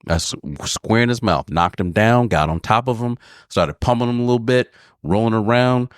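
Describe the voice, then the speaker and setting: A man co-hosting a podcast, telling a story in an animated, casual way and swearing freely. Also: mid-range voice, normal speed, clean tone, dry recording, clean studio sound. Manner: animated, swears freely, acts out voices in his stories. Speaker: podcast co-host.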